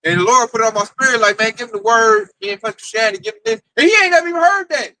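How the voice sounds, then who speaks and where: A man with an Oklahoma accent telling a story in casual talk, animated and acting out the quoted voices. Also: extremely high pitch, rapid-fire, slight background noise, low-quality recording. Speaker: camp member telling a story.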